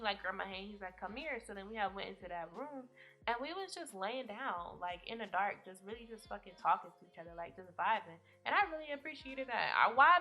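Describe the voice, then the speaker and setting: A woman's voice: medium pitch, sharp tone, muffled recording. A young woman vlogger telling a rambling story time in a casual, profane way, often laughing.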